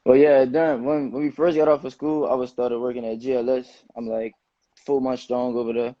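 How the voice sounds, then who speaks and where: A young man in his late teens, a high school football player, answering interview questions in a relaxed, slangy way. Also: brisk, no echo. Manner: relaxed, loose slangy phrasing with many "you know"s. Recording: dull, muffled dry sound.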